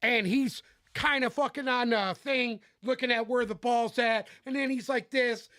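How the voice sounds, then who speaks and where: A man's voice: very high voice, steady tone, moderate pace, bright, forceful tone, no echo. A man co-hosting a sports podcast in casual debate, ranting in an emphatic, exasperated and profane way. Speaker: podcast co-host.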